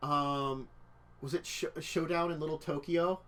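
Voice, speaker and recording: A man's voice: fairly high pitch, steady tone, measured pace, crowd noise. A man hosting a casual talk show about tabletop games, rambling through digressions. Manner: rambling, digressive, laughs at own jokes. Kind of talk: casual chat. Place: indoors near a street.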